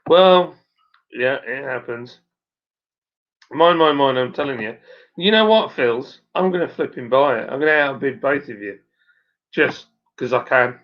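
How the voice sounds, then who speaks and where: A brewer from Suffolk, England, with a broad accent hosts a relaxed live stream at home by the fire, reading out viewer comments. He is rambling and matey, with plenty of fillers, speaking at medium pitch and a moderate pace. The sound is dull and lo-fi.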